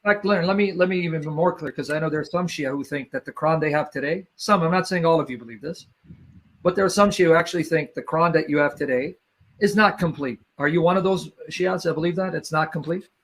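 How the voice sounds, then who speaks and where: Insistent higher-pitched man debating. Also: fast, fairly bright tone. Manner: insistent, pressing questioner. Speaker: debater questioning opponents. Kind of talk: live debate.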